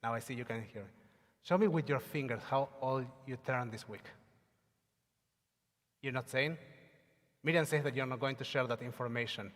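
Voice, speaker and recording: A man's voice: mid-range voice, moderate pace, pauses often. A man leading a Sabbath service, chanting Hebrew prayers and making announcements with many hesitations. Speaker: service leader. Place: synagogue sanctuary. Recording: long hall reverb on a livestream.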